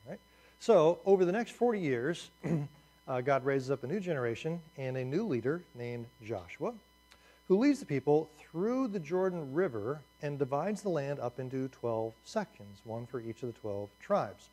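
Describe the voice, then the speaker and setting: A man gives a lively, jokey lecture in a slightly high voice, throwing in asides as he walks his listeners through a map. He tells it like a story. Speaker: teacher. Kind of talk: Bible survey lecture.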